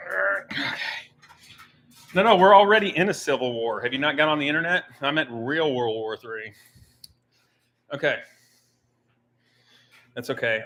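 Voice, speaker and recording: A man's voice: medium pitch, a bit bright, slight background noise. Rambling man livestreaming from his garage. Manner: rambling, joking, reading chat aloud while working. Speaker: livestream host. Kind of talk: casual livestream chat. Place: home garage.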